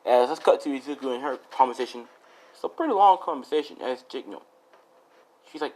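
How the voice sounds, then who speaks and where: A man's voice: medium pitch, animated, a little fast, a little mellow, low-quality recording. A man narrating a story off the cuff in a loose, rambling way. He leans on fillers and restarts and swears in passing, with his voice sitting in a middle register. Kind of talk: casual spoken fan story.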